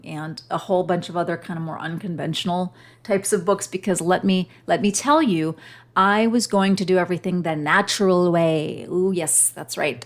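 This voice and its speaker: A middle-aged woman hosting her own podcast, telling a personal story in a heartfelt, emotional way. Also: lowish voice. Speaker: podcast host.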